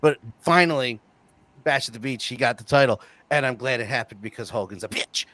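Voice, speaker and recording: A man co-hosting a casual wrestling talk show, heated and swearing, swinging from loud to quiet. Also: medium pitch, a little fast, dry recording. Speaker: podcast co-host.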